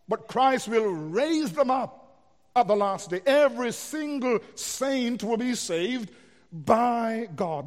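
A man with a high voice delivers an expository sermon, working through scripture line by line. He rises into emphatic, declarative stretches. His voice rings with the long reverb of a large hall. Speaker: preacher.

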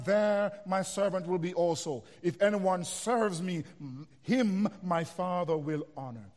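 A man with a high voice delivers an expository sermon, working through scripture line by line. He rises into emphatic, declarative stretches. His voice rings with the long reverb of a large hall. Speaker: preacher.

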